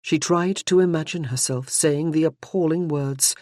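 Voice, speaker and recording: Measured audiobook narrator, dry close sound. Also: mid-range voice, a little mellow, no echo. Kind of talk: scripted narration.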